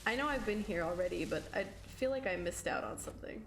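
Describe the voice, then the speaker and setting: A woman's voice: medium pitch, animated, fast talker, a little hiss or hum. A young woman livestreaming a game, chatting with viewers in a casual, giggly way and swearing freely. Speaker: live streamer. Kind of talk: casual gaming stream chat with viewers.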